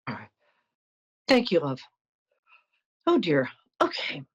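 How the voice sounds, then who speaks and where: A woman's voice: low voice, wildly swooping pitch, takes it slowly, husky, low-quality recording. A middle-aged woman hosting a psychic call-in show, chatting, apologizing and telling stories in a frank, blunt way. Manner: warm-hearted, apologetic, storytelling, blunt. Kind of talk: chatty call-in talk with anecdotes.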